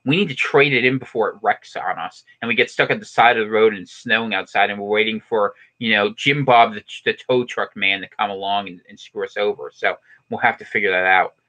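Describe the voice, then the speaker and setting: A man co-hosting a live stream show, chatting casually and jokingly, rambling and quick to laugh. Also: fairly low pitch, bright, forceful tone. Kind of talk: casual political chat.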